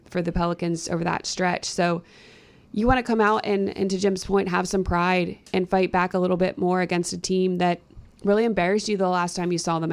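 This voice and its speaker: A woman TV sports host and reporter giving a measured, matter-of-fact recap in casual chat. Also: fairly low pitch, gravelly.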